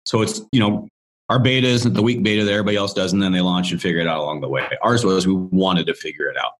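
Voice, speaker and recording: A man's voice: low-pitched, quick pace. A man being interviewed as a business coach, telling a story in a rambling, chatty way full of restarts. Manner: rambling, chatty, with many restarts and "you know".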